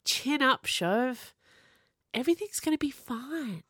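A woman's voice: high voice, animated, slow, fairly bright tone, slightly rough, no echo, pitched above the performer's own voice, full character voice. A brash young witch, teasing and emphatic, her voice leaping up and down, as a woman narrator plays her. Close and dry, with no room sound. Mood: fierce. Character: brash young witch, sharp-tongued, fiercely loyal.

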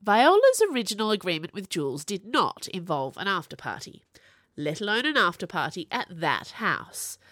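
A woman narrating an audiobook in an expressive, wry manner. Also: on the low side, no echo, clean studio sound.

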